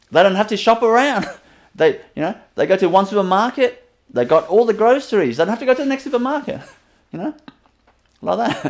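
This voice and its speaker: Soft-spoken spiritual teacher, a man with a slightly high voice, laughs often between phrases. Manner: gentle, chuckles often, repeats phrases. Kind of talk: webinar talk.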